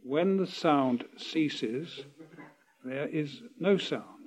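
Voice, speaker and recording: A man reading aloud the replies of an earnest young male disciple, matter-of-fact and slow. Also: on the high side, lively intonation.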